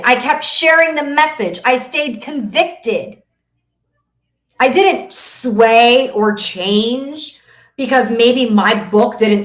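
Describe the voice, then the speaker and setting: A woman business coach hosts a masterclass as a motivational webinar, speaking emphatically and preachily with a faith-driven tone and repeating phrases for effect. Her voice is on the high side and fairly bright, with a roomy echo on the recording.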